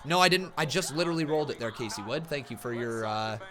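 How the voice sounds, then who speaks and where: A man hosting a live wrestling reaction stream, calling the action like an excitable commentator and chatting with viewers. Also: medium pitch, fast, crowd noise.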